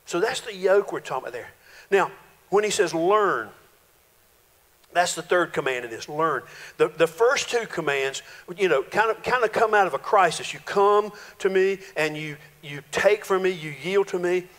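A male pastor, preaching a folksy, animated sermon full of playful voiced quotes in a church sanctuary. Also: high voice, moderate pace. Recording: reverberant church hall.

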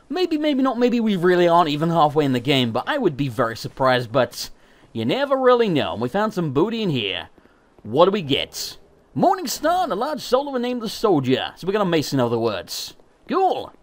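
A man giving gameplay commentary, ranting in frustration, swearing a lot and laughing at himself. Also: high voice. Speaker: let's play gamer.

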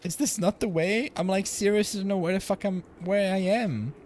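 A man's voice: high-pitched, moderate pace, a little mellow, a little hiss or hum. A young man streaming a video game from home, rambling casually, swearing and laughing often. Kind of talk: casual gaming livestream chat.

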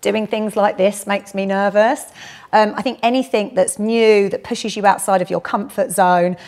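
A woman's voice: medium pitch, steady tone, moderate pace, a little mellow. A middle-aged woman with a South London accent, a graduate recruitment head answering interview questions in a chatty, upbeat way. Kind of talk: casual walk-and-talk interview.

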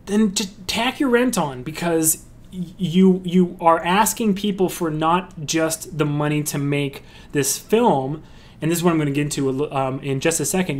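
A man giving a casual lecture on crowdfunding his film, chatty and full of fillers and restarts, breaking into a story. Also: on the high side. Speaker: filmmaker teaching about crowdfunding.

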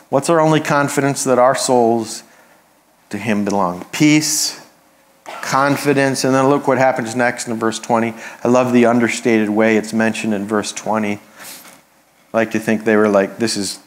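A pastor preaching to his congregation in an easygoing, conversational way. His voice sits at an ordinary middle pitch for a man, and he slips in light humorous asides as he goes. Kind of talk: sermon.

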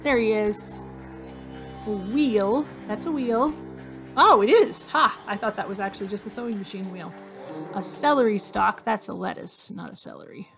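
A woman playing a hidden object game, talking to herself slowly as she searches for items. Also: medium pitch, creaky. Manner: slow, musing, talks to herself while searching. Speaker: gamer. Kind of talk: casual let's-play commentary. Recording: faint music behind voice.

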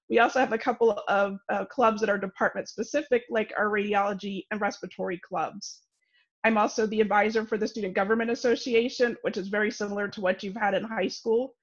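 A woman who coordinates student activities, speaking in a friendly, chatty way at a virtual college information session. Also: mid-range voice. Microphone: video call. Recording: dull lo-fi video call audio.

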